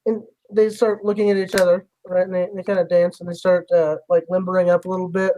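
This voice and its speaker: A man's voice: sits high, little pitch movement, fast, dark tone, poor audio. A man narrating a tabletop game as game master in a loose, rambling way, full of fillers.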